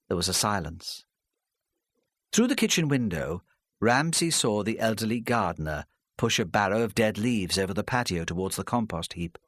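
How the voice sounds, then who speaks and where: Brief: male narrator for a crime audiobook, expressive and varied in pitch. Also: dry recording, studio quality.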